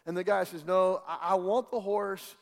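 A high-voiced male pastor preaches in a folksy, animated storytelling way, stumbling over restarts as he builds his point. His voice rings out with a long hall reverb around it, as in a church sanctuary. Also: moderate pace, creaky. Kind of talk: sermon with storytelling.

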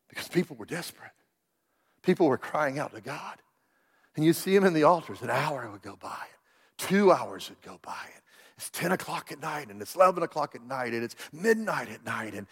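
A man, preaching a sermon with stammering restarts, swinging between loud cries and hushed whispers. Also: medium pitch, slightly rough. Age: 60s. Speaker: pastor. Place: church sanctuary. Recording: long hall reverb in a church.

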